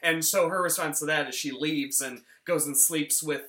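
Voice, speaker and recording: A man's voice: a little high, steady tone, normal speed, bright, forceful tone. A man co-hosting a podcast, casually retelling film scenes in a rambling way. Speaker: podcast host.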